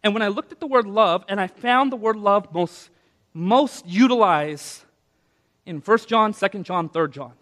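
A man with a high voice preaches a sermon, shifting between hushed reflection and loud, emphatic declarations. His voice carries a long reverb through a large hall. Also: lively intonation, measured pace. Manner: dynamic preaching, swinging from soft to loud. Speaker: pastor.

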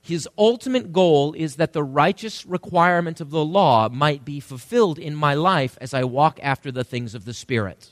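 A man's voice: a little high, normal speed, hardly any pauses, no echo, studio quality. A male pastor preaching an emphatic sermon and asking the congregation questions.

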